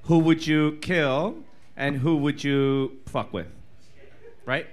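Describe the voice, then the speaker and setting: A man co-hosting a drag viewing party in a bar, teasing guests loudly and bursting into shrieking laughter. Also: fairly high pitch, steady tone, slow. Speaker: drag performer co-host. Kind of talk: casual panel chat. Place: bar viewing party before a live crowd.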